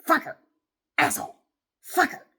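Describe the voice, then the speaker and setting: A woman voicing a snarling, Gollum-like woman neighbor who growls and hisses curses. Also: a little slow. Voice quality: growling, hissing. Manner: loud, cursing.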